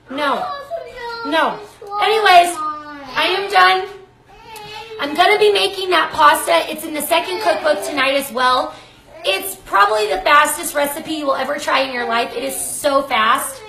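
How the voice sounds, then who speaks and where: A woman's voice: sits high, vocal fry, noisy background. A woman hosting a live cooking demonstration from her home kitchen, chatty and effusive, often breaking off mid-sentence. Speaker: cooking show host. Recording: echoey kitchen. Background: baby crying.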